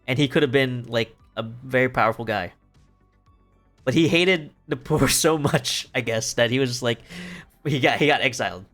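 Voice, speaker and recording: A man's voice: medium pitch, a bit bright. Rambling, swearing young male streamer. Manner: rambling, profane, laughing often. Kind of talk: casual retelling of a play. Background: faint music.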